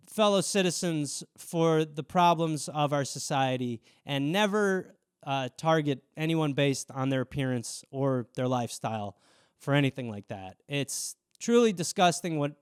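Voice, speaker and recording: A man's voice: on the high side, clear, resonant tone, no echo, clean studio sound. A man, hosting a casual solo show and riffing loosely on viewer suggestions in a rambling, self-mocking way. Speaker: host.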